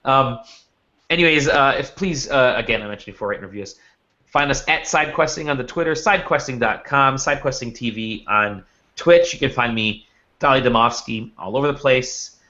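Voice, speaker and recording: A man hosts a casual podcast with a bright, forceful voice, rambling through his stories with frequent restarts. The audio is dull and lo-fi. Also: medium pitch, normal speed. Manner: rambling storyteller with many restarts. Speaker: podcast host.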